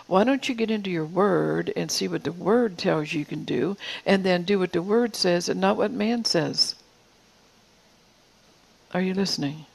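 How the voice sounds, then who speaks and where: The audio is poor as a preacher in their fifties or older gives a sincere church sermon at a measured pace. The mid-range voice carries vocal fry, frequently sinking to a whisper for emphasis and repeating words.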